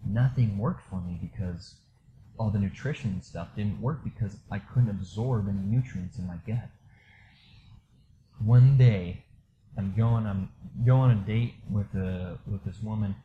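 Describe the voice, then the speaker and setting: A man candidly telling a personal story in a casual, rambling way, full of fillers, going quiet at the low moments. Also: unhurried, narrow, tinny audio, noisy background. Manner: candid, rambling, many fillers, drops soft when reliving low moments. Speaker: storyteller sharing a personal experience.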